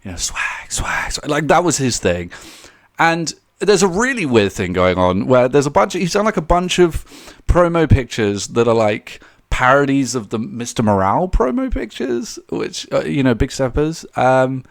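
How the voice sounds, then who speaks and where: A man's voice: mid-range voice, normal speed, gravelly. A young man giving casual, rambling commentary on a vlog, laughing often and restarting his sentences. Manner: rambling, animated, laughs often, mocking quoted voices; many fillers and restarts. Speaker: commentary YouTuber.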